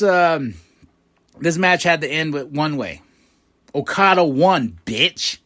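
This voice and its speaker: A man hosting a podcast, recapping events with animated swings from low mutters to loud excited outbursts and casual swearing. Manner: swears casually, quick asides. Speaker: podcast host.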